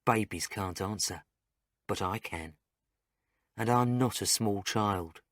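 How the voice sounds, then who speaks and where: A man's voice: fairly low pitch, slow, fairly bright tone, dry recording, clean studio sound. A man narrating a graded-reader story for English learners in a plain, carefully spaced way, with short sentences.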